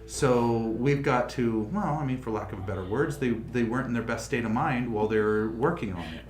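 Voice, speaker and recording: A man's voice: medium pitch, brisk, slight background noise. Man rambling through a roomy livestream. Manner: rambling, thinking aloud with frequent restarts. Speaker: livestream host. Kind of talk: casual livestream chat.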